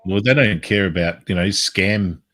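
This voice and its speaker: Brief: low-pitched man, rambling guest, casual chat, salty language. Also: normal speed, a crowd in the background. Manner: rambling, swears freely. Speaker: live stream guest.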